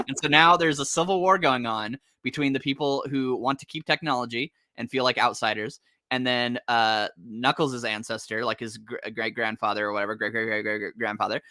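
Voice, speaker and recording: A young man co-hosting a casual comic chat, rambling and sarcastic as he retells the plot with quick acted asides. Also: medium pitch, sharp tone, no room sound. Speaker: podcast co-host.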